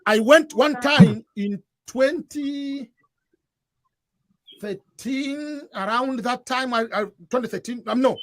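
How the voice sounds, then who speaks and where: Speaking slowly at an extremely high pitch, recorded dry, an East African man with an East African accent and Swahili as his first language gives earnest advice. He's a guest addressing newcomers in a casual chat, often repeating and restarting what he says.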